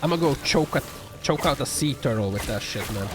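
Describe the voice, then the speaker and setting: A man's voice: medium pitch, animated, a little fast, background noise. A man streaming from his apartment, chatting with viewers in a sarcastic, profane, rambling way full of fillers. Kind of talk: casual chat reacting to viewer comments. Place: home apartment. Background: background music.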